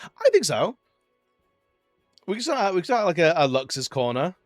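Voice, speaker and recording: A man, slightly higher-pitched than most, chats on a live stream in a loose, joking way, laughing often and wandering off into tangents. His voice sits close and dry on the mic. Faint music plays underneath. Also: very animated, moderate pace, no echo. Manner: playful, laughing often, swearing, rambling. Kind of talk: casual live-stream chat.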